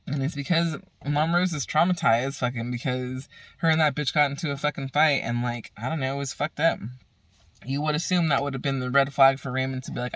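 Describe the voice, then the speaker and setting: A man's voice: medium pitch, fairly quick, fairly bright tone, no room sound. A man from the Bay Area ranting profanely and heatedly in a casual vlog. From San Francisco Bay Area. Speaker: vlogger.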